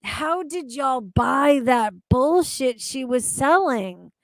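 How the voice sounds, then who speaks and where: A woman streamer tears into a video clip with crude, incredulous commentary. Her voice sits a bit high and she talks slowly, drawing out her disbelief. The sound is dry and close. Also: animated, no room sound. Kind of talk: profane reaction commentary.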